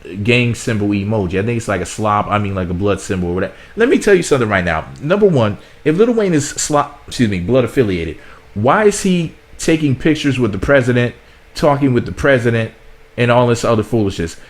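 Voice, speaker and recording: A man's voice: mid-range voice, lively intonation, fairly quick. Blunt, sarcastic American man ranting. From United States. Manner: blunt, sarcastic, repeats himself. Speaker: commentary vlogger. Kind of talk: ranting political commentary.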